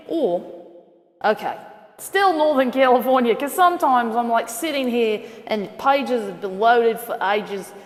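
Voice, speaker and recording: Woman doing a laid back weather show, kinda high voice, rambles and fixes herself as she goes, lots of reverb. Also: darkish tone. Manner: rambling, thinks aloud, corrects herself. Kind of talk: casual weather commentary.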